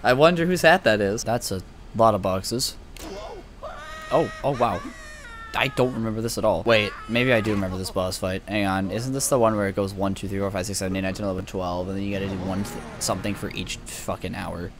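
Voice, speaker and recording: A young man giving casual, excitable gameplay commentary with frequent swearing, shouting at characters in the game. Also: fairly low pitch, a little fast, a little hiss or hum. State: sore tongue from a cold sore. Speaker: gaming video creator.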